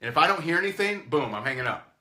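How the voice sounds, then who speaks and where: Bright-voiced animated male sales coach. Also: fairly high pitch, quick pace. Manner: animated, acts out phone calls in goofy voices. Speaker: network marketing trainer.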